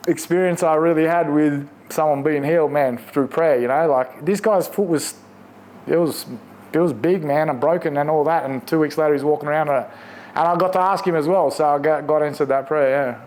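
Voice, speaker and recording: A man with an Australian accent, in his forties, telling his faith testimony casually, animated and slangy, laughing often. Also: fairly high pitch, normal speed. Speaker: guest sharing testimony.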